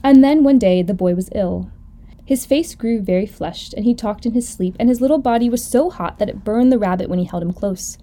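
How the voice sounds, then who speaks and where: A woman host reading a children's story aloud gently and expressively. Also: medium pitch, fairly quick. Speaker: podcast host.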